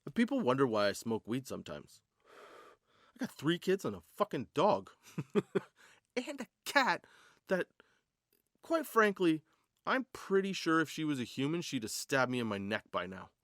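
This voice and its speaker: A man's voice: on the high side, wildly swooping pitch, normal speed, long pauses, fairly bright tone, no echo, clean studio sound. Rambling, profane man hosting a podcast. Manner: casual, profane, rambling stoner banter. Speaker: podcast host. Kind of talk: comedic stand-up style monologue.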